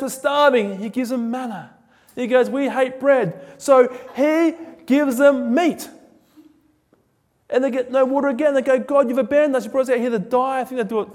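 A man preaching a sermon in a casual, joking, animated storytelling way. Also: high-pitched. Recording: echoey hall with long reverb.

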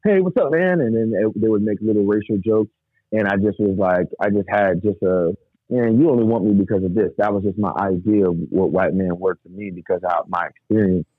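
A man's voice: lowish voice, fairly even intonation, brisk, no echo. Man telling a raw story over a tinny line. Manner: rambling, vivid, acts out quoted voices. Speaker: guest. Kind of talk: emotional personal storytelling. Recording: tinny phone-like dry sound.

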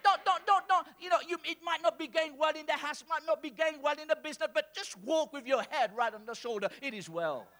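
High-voiced preaching pastor, man. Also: a little fast, hardly any pauses. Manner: call-and-response preaching, swings from soft to shouting. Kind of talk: sermon. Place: church hall with congregation.

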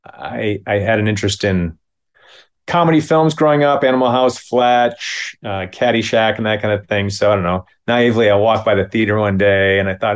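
A man in his fifties from Minneapolis, telling a comic story in a halting, self-deprecating way with many restarts. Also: lowish voice. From Minneapolis, United States.

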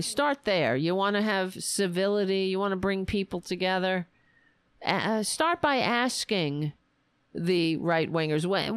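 A woman hosting a political podcast, talking in a sarcastic, mocking way and slipping into shrill impressions of her opponents. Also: clean tone, no room sound. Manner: mocking, switches into shrill mimicking voices.

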